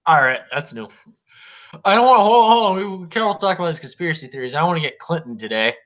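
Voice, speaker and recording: A man with a bright, fairly high voice hosts a casual podcast, trading crude, profane jokes. His mic sounds muffled and lo-fi. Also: expressive, fast talker. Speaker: podcast host.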